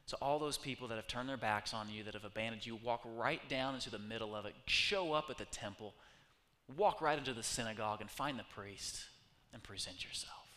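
A man preaching a sermon as pastor, animated and acting out the voices of the people he quotes. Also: mid-range voice, a little fast. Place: church hall. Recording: echoey hall reverb.

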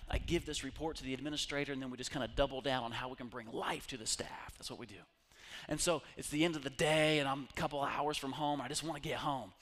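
Middle-aged man preaching a lively sermon. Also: a little high. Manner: storytelling with swings from loud preaching to hushed retelling. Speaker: pastor.

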